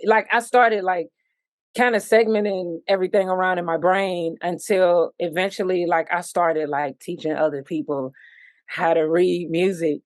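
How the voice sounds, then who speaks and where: A woman from Virginia, a musician guest on an interview, telling stories with lively sung-out rhythms and sound effects. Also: on the low side, normal speed, no echo. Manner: animated storytelling, sings out rhythms and sound effects. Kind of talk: casual interview.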